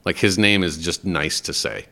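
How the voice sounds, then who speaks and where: Low-voiced, chatty man co-hosting. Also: steady tone, normal speed, pushed and bright. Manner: enthusiastic, laughs often. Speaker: podcast co-host. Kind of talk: casual chat.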